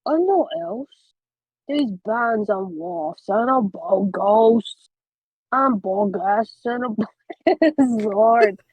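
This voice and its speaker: A woman reading aloud as a gruff old man with a thick rural dialect, halting over the odd words. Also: fairly high pitch, animated, no echo, phone-quality sound, exaggerated voice. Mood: grumbling. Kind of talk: amateur read-aloud of a novel.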